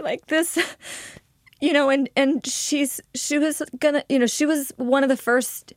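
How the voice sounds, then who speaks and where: A woman guest telling a personal story in an interview, halting and emotional, with frequent restarts. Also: high-pitched, no echo, studio quality.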